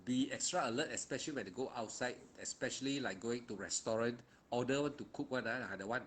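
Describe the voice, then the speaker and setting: A man's voice: medium pitch, fast talker, a bit bright, a little hiss or hum. Malaysian man guiding a meditation. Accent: Malaysian English. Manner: informal, repetitive, emphatic, with Malay and local slang particles. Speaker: meditation teacher. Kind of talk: guided meditation instruction.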